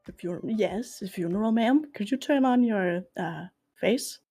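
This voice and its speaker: A woman's voice: mid-range voice, lively intonation, moderate pace, dark tone, breathy edge. A woman hosting a stream, playing a fake funeral straight in a mock-solemn way, stumbling and restarting as she talks. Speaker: streamer host.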